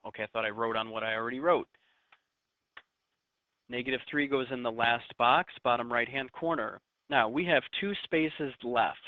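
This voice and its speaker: A man's voice: mid-range voice, dry recording. A chatty man teaching a math lesson, tossing in jokey asides to his students as he works. The sound is thin and phone-like, and the recording is dry and close with no room sound.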